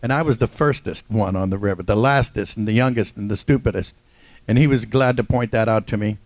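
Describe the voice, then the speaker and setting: With a lowish voice and a fairly quick pace, an older Ohio man, a voice actor guesting on a convention panel, spins casual stories. He jokes, runs himself down for laughs and often laughs; there's no room sound.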